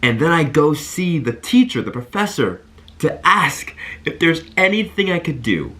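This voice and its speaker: A man in his twenties talking to camera, giving earnest and animated college advice and telling stories straight to his viewers. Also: a little high, normal speed. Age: 20s. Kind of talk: energetic talk to camera.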